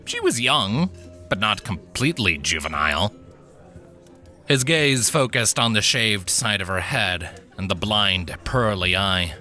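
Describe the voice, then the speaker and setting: Guy reading a fantasy story, low voice but bouncy and bright, soft music under it. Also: measured pace. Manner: expressive storytelling. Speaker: narrator. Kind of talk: scripted story narration.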